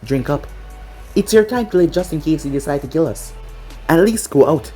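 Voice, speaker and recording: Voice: medium pitch, animated, normal speed, dark tone, close to an everyday voice. A narrator voicing a stern, powerful woman leader who talks in a commanding, dry way, over faint music.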